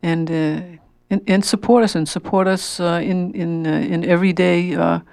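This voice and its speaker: Call-in host, gravelly and dry, halting delivery full of restarts. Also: medium pitch, steady tone, darkish tone, no room sound. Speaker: radio talk show host. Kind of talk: call-in radio hosting.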